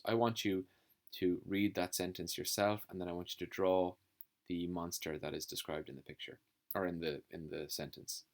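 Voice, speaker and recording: A man teaching a phonics lesson to young children, slowly sounding out letters and words. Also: deep voice, steady tone. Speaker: primary school teacher.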